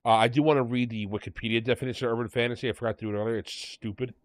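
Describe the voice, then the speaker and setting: Male podcast co-host, mid pitch, dry close sound, casual and joking. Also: fairly even intonation, racing, few pauses, no room sound. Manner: offhand, jokey, reads definitions aloud.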